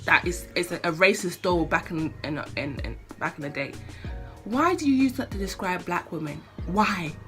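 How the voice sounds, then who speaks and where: A woman's voice: on the low side, expressive, moderate pace, faint music behind. A young woman vlogger delivering an impassioned, swearing rant to camera, getting more fired up as she talks. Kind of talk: casual opinion rant to camera.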